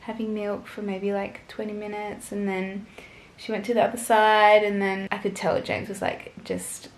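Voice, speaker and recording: A woman's voice: medium pitch, flat delivery, normal speed, reverberant, a little hiss or hum. A young woman vlogger telling a personal story to camera in a chatty, gushing way, full of fillers.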